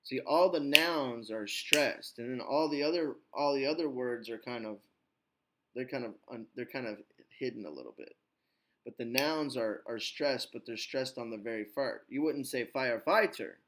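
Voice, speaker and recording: A man's voice: mid-range voice, moderate pace. A slightly sick man teaching an English lesson over a video call, chatty and coaching, with lots of "you know" fillers. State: slightly sick, clears throat.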